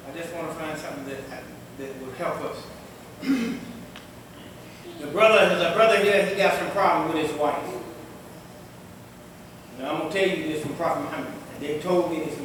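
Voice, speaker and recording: A male imam preaches a Friday sermon with a very high, sharp voice, swinging from loud, stretched-out calls to hushed asides and often laughing through his stories. He is caught from some distance in a big mosque hall that rings with a long echo. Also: slight background noise. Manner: lively preaching that swings between loud and quiet. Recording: echoey hall from far off.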